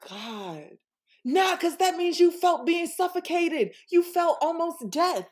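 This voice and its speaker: A young woman co-hosting a podcast in casual chat, expressive and playful with slang, reacting loudly. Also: very high-pitched, slow. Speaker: podcast co-host.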